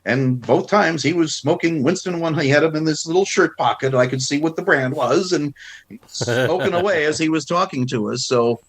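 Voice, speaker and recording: A man's voice: on the high side, moderate pace. A man in his sixties from the United States, a guest film historian telling anecdotes in casual chat and acting out quotes. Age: 60s. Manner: animated storyteller who acts out quotes.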